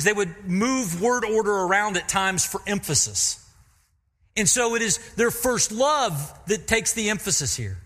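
Bright-voiced, high-pitched male preacher. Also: long reverb tail. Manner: emphatic preaching with rhetorical questions and repeated phrases. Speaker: pastor. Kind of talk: sermon. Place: church sanctuary.

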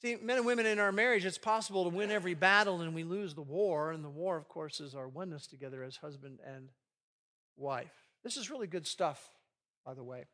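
High bright-voiced guy preaching, really animated, acts out little arguments. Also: brisk. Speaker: pastor leading a marriage session. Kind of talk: sermon.

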